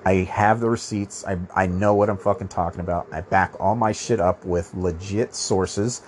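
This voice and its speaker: A man's voice: sits low, fairly even intonation, normal speed, slight background noise. Rambling, profane, nasal male podcaster. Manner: rambling, swears a lot, many restarts. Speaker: podcast host. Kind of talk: profane monologue.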